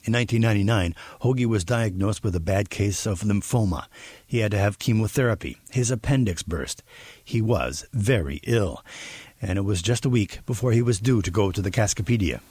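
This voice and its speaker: A man reading scripted documentary narration as the reporter, in a measured storytelling way. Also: on the low side, darkish tone, husky, dry recording.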